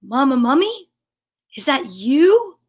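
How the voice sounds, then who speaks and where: A woman voicing a small, timid little boy mummy in a storybook reading, with plaintive, slow questioning calls. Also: high voice, big pitch swings, exaggerated voice. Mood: timid calling.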